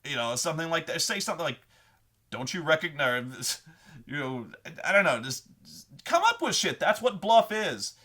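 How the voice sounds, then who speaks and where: A man with a bright, sharp voice and a fairly high pitch, holding forth in a loose, rambling monologue about tabletop games. He swears freely and keeps dropping into quick, exaggerated character voices to make his points. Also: very animated. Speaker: host of a tabletop gaming advice show. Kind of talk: casual monologue on tabletop role-playing.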